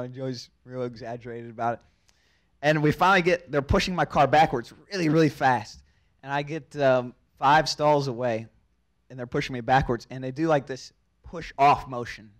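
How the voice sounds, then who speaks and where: A man's voice: a little high, normal speed. Tipsy young man rambling through a story. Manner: rambling, chuckling, repeats words. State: a little drunk. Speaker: race car driver. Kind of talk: storytelling at a press conference. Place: press conference room.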